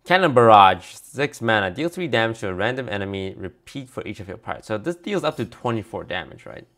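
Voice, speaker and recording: A man with a low, gravelly voice talks through a card review in a loose, casual stream. He reads card text aloud and tosses offhand replies to viewers between cards. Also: big pitch swings, a little fast, fairly bright tone.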